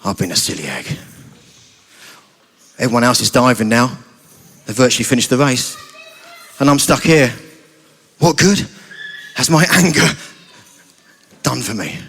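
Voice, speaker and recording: A British man voicing a frustrated young male egg with a squeaky, fretful voice. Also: very animated, slow, creaky, long pauses, a bit bright, slightly rough, exaggerated voice. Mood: regretful.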